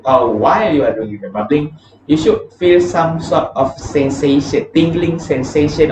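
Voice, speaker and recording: A man leading a vocal warm-up lesson, counting down breathing sets and explaining each step in a casual, plain way. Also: medium pitch. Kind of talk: guided breathing exercise lesson. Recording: echoey room, distant mic, dull and noisy.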